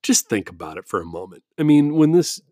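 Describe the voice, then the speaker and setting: A man's voice: on the high side, big pitch swings, a little fast, a little mellow, dry recording, studio quality. A man hosting his own podcast, talking casually and sarcastically to listeners, swearing freely and often restarting his sentences. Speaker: podcast host.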